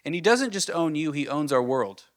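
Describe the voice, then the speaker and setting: A man preaching a Sunday sermon in a slightly higher voice than most men. He speaks earnestly, putting questions to his listeners and then letting his voice sink softly to land a point. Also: big pitch swings, normal speed. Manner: earnest, builds with rising questions then drops soft. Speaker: pastor.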